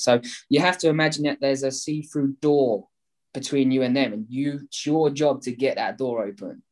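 A man, a guest explaining his property method in an energetic way, acting out both sides of phone calls. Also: mid-range voice, normal speed.

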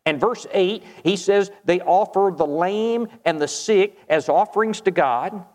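A man's voice: high-pitched, a little slow, a little mellow, in a large hall. A man preaching a sermon in an earnest, emphatic way, reading scripture aloud and addressing the congregation.

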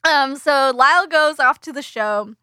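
Casting: bright, high-voiced woman who co-hosts and rambles with many fillers in a dry, close room. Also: unhurried, no room sound. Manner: rambling, filler-heavy, laughs often. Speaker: podcast co-host. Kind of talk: casual chat recapping a film.

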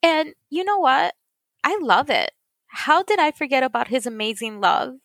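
A woman tells her story of faith in an interview, earnest and tearful, often repeating her words for weight. Her voice sits a little high and has a gravelly fry to it. The sound is dry and close, with no room around it. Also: expressive, moderate pace, a bit bright, dry recording. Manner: earnest, repeats phrases for emphasis. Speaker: guest sharing testimony. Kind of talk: emotional faith testimony.

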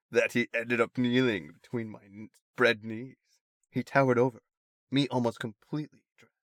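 A man's voice: medium pitch, no room sound, studio quality. A man co-hosting a comedy podcast, reading erotica aloud in a plain voice. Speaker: podcast co-host.

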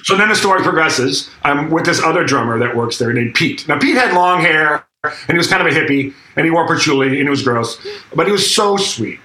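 Slightly fast and fairly high in pitch, this middle-aged drummer sounds pushed and bright, with lively intonation. He casually tells an interview story, performing quotes and swearing without restraint. The room echoes, with faint noise.

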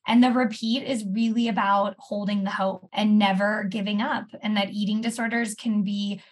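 A woman speaks as a therapist guest on a podcast interview. Her voice is airy and a little breathy, and she sits at a middling pitch. She explains things step by step, filling them out with examples. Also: steady tone, moderate pace. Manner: warm explanatory, walks through steps with examples.

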